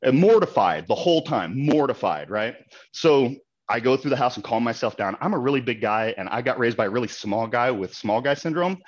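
A man working as a realtor, retelling a heated run-in in a casual, animated way with quoted exchanges. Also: mid-range voice, a little fast, muffled recording. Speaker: realtor, local board president. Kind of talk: casual storytelling.

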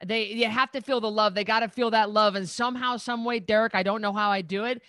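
Bright, blunt woman weight-loss coach. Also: medium pitch, steady tone, fast, dry recording. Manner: blunt, emphatic and salty. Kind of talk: casual interview chat.

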